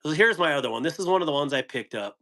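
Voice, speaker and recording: An American man hosts a casual knife live stream, talking fast in a fairly high, expressive, sharp-toned voice. He rambles, laughs often, and reads and answers viewers' chat.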